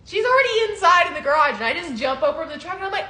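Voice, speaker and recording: This young woman's voice is very high-pitched and rapid-fire, with few pauses, as she tells her story as a co-host in casual chat. She's animated, laughing, and acting out quotes throughout. Faint noise and a roomy echo are audible.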